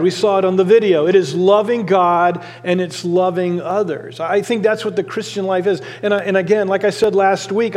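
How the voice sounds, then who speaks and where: A man's voice: high-pitched, darkish tone. A middle-aged man, a lead pastor, preaching a sermon in a church and telling a story earnestly, with occasional fillers. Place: church sanctuary. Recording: long hall reverb.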